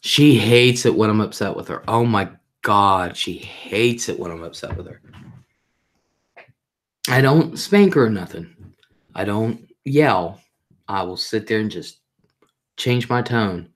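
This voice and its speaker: A woman's voice: a bass voice, lively intonation, slow, pauses often. A middle-aged woman hosting a casual live stream, reading viewer comments aloud and telling family stories in a chatty way, repeating herself for emphasis. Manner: mimics voices when retelling family moments. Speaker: livestream host.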